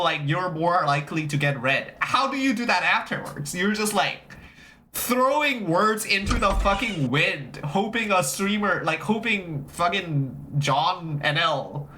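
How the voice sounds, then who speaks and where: A livestreamer in casual chat, rambling and repeating phrases, swearing freely and greeting viewers as they arrive. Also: medium pitch. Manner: animated, reacting to chat.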